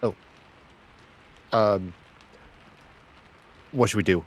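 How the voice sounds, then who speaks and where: Low-voiced anxious male player. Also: drawn-out words, breathy edge, poor audio. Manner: anxious, hesitant. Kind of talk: tabletop game play.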